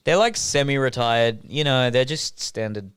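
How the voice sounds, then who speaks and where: A young man, chatting on a podcast in a relaxed, drawling way, swearing and laughing at his own jokes. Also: medium pitch, normal speed, clear, resonant tone, no echo, clean studio sound. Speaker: podcast co-host, comedian. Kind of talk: casual podcast banter.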